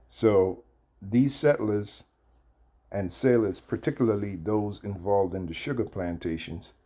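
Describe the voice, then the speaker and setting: Deep, husky man rambling through commentary. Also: dark tone. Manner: rambling, heavy with fillers, reads text aloud. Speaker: channel host. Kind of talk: casual commentary.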